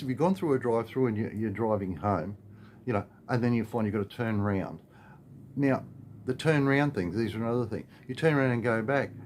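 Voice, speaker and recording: A man's voice: fairly low pitch, darkish tone, slight background noise. A man with an Australian accent, ranting in a rambling, exasperated way with lots of filler and restarts. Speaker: vlogger. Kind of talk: casual ranting monologue.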